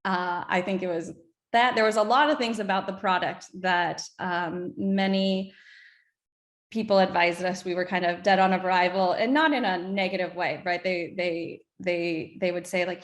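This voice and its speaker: Woman, thirties, interview guest, earnest and reflective, lowish voice, echoey room. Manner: earnest, reflective, halting restarts. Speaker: whiskey brand co-founder guest. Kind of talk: interview storytelling.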